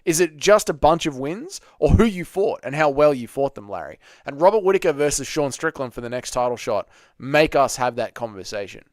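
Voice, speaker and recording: A man's voice: medium pitch, big pitch swings, fairly quick, no echo, clean studio sound. Chatty man hosting a live stream. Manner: chatty, reads chat aloud, banters with viewers. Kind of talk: casual live-stream chat.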